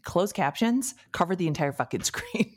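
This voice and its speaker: A young woman co-hosting a casual podcast, wry and quick to swear and laugh. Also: lowish voice, animated. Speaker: podcast co-host. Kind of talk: casual chat.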